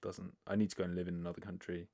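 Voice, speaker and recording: A British man hosts his own podcast alone, working through listener questions. His voice sits a little low. He talks loosely, wanders off on tangents, pokes fun at himself and swears now and then. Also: flat delivery, racing, gravelly, warm tone. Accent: British English. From Britain. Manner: rambling, self-deprecating, swears casually, lots of fillers. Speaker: podcast host. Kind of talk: casual solo podcast answering listener questions.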